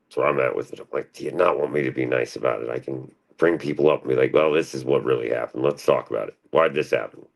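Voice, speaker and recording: A man's voice: quick pace, hardly any pauses. A man talking in a rambling, profane monologue on his own stream, restless and jumping between thoughts. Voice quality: gravelly, very deep.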